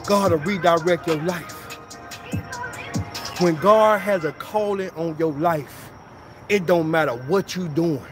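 High-voiced man preaching street motivation. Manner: street slang, repetitive preaching cadence. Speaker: motivational speaker. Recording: clear music bed under voice.

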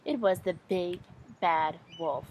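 A woman reading a children's story aloud in an animated, expressive way. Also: on the low side, takes it slowly, poor audio. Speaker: storybook reader.

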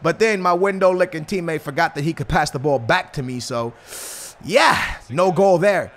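A young man giving slangy, excitable commentary over a football video game, swinging between hype and grumbling. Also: fairly high pitch, normal speed. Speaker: gaming YouTuber. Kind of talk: gameplay commentary.

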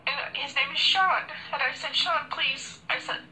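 A woman's voice: high-pitched, moderate pace, few pauses, sharp tone, soft background music, rough recording. A woman earnestly recounting a personal story and quoting each exchange with "I said" and "he said". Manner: earnest, quoting dialogue with frequent "I said". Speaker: store worker telling a story.

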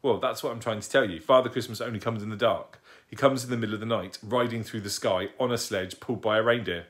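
A man's voice: on the low side, steady tone, fast, natural voice. A man reading aloud and voicing a chatty, bossy little girl who explains things eagerly. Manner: eager, explaining, matter-of-fact.

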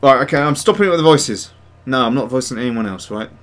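Expressive and quick, a medium-pitched man hosts a digital sculpting livestream. He chats and rambles, reads the chat out loud, and mocks himself along the way.

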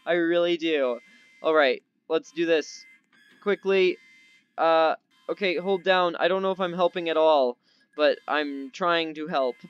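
Excitable young man gaming, slightly dull mic. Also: on the high side, measured pace, smooth, dry recording. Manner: excitable, easily startled, chatty; doing a slightly odd put-on accent. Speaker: gaming YouTuber. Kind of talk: casual gameplay commentary.

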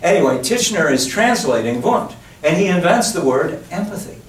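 A man's voice: on the high side, sing-song, normal speed. A man giving a public lecture, talking with digressions and emphatic asides to his audience in a lecture room. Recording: roomy, distant lecture-hall recording with faint noise.

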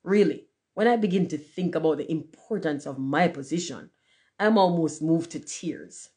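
A woman's voice: deep voice, moderate pace, very noisy, natural voice. A woman voicing a pompous, self-important male firework rocket in a storybook reading, haughty and self-pitying.

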